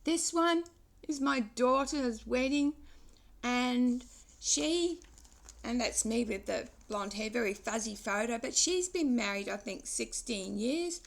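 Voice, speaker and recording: A woman in her sixties talking through memories in a personal vlog, reflective and wandering, pausing and restarting as she goes. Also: on the high side, lively intonation, vocal fry. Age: 60s. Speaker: vlogger.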